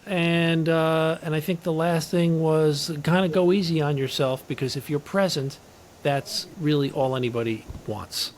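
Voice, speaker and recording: A man hosts an interview show in a friendly, conversational way. His voice sits a little high for a man. He thinks aloud as he goes, with fillers and restarts. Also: fairly even intonation, a little slow, a little hiss or hum. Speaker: show host.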